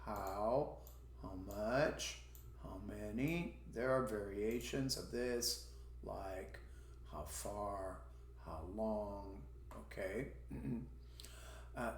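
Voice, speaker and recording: A man teaches a recorded language lesson, moving through his points slowly and repeating each example phrase so students can copy the intonation. His pitch swings up and down in a lively way. The sound carries a roomy echo.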